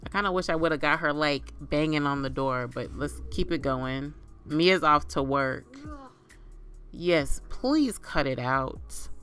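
A woman's voice: sits low, a little slow, fairly bright tone, soft background music. A woman casually commentating her life-sim gameplay and chatting to her game characters as if they were family. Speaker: gaming channel host.

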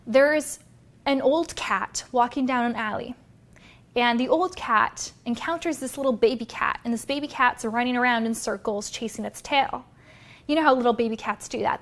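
A woman, a business coach and vlogger, giving an energetic, direct motivational talk to her viewers. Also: on the high side, normal speed.

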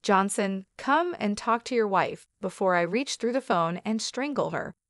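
A woman's voice: medium pitch, lively intonation, a little slow, no echo, studio quality, lightly acted. A woman voicing an angry, scheming mother-in-law who talks in a hostile, threatening way. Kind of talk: storytelling dialogue.

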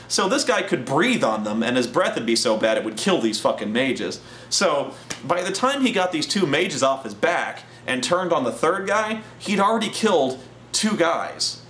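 A man hosting a show, telling a casual tabletop-gaming anecdote in an animated, profane way with frequent restarts. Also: on the high side, a little hiss or hum. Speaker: host and storyteller. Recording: roomy echoing room.

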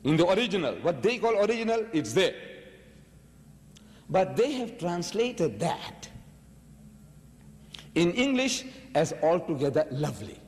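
Male preacher, argumentative and emphatic, lecturing; raised pitch, reverberant hall. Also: big pitch swings, a little slow, long pauses. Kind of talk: religious lecture to an audience.

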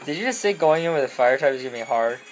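A young woman giving goofy, rambling commentary over a video game, often breaking into loud squeals and silly voices. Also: very deep voice, expressive, racing, faint music behind, low-quality recording. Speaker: let's play commentator.

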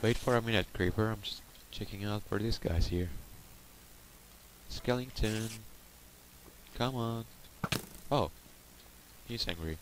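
A low-voiced man talks through his gameplay at an unhurried pace, addressing the monsters as if they were people. He swears freely and sometimes drops to a quiet murmur. A steady noise hangs clearly under the recording. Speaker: Let's Play host. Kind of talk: gameplay commentary.

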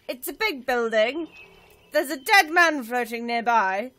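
A woman chatting through a video game, self-mocking, with sudden excited cries. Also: high-pitched, measured pace. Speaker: let's play gamer. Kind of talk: casual gameplay commentary.

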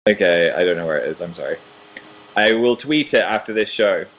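A young man in his twenties hosts a casual home livestream, reading viewer comments aloud with self-deprecating humor. His voice is low with a fairly bright tone, and he talks fairly quickly.

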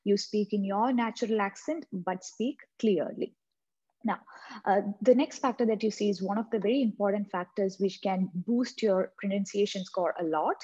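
A woman's voice: medium pitch, moderate pace, mellow, breathy edge, muffled recording. A woman with a non-native English accent, teaching an exam-prep lesson and repeating key points to drive them home. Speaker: exam coaching tutor. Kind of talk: instructional tutorial.

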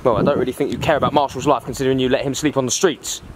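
A man's voice: mid-range voice, very fast. Confrontational man on a noisy street. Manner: confrontational, keeps telling people to calm down. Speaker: host and lead of a scripted street film. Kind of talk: acted first-person drama. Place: outdoors in town streets. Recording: outdoor noise, traffic.

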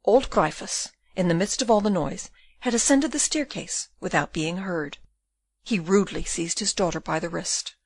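A woman reading a classic novel aloud as an audiobook narrator, in steady storytelling. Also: lowish voice, normal speed, no echo, clean studio sound. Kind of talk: scripted narration.

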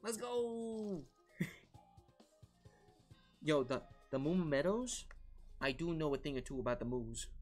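A man streaming a racing game live, chatting with his viewers in an excitable, talkative way and laughing often. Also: mid-range voice, measured pace, long pauses. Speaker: gaming streamer. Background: faint background music.

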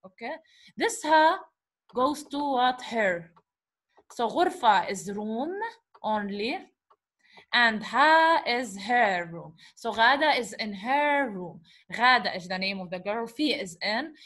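A woman's voice: a little high, expressive, a bit bright. Patient woman teacher. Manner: patient, repeats syllables slowly, asks the class questions. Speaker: Arabic teacher. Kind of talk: teaching an Arabic letter lesson in English.

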